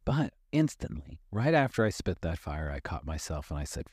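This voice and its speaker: A man's voice: deep voice, sing-song, normal speed, a little mellow, no room sound, studio quality. A man in his fifties hosting a motivational podcast, talking candidly and emphatically, swearing casually and repeating phrases for stress. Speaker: podcast host and life coach.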